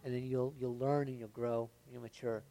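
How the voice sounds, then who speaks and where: A man preaching a conversational sermon, often checking in with "right?" and "okay?", moving between lively emphasis and quiet, earnest stretches. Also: mid-range voice, fairly quick, vocal fry, slight background noise. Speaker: pastor.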